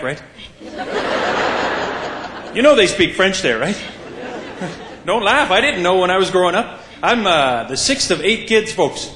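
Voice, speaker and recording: A man's voice: high-pitched, roomy sound, noisy background. A man from Quebec doing stand-up comedy on stage, chatty and punchy, talking straight to the crowd. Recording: live club with audience.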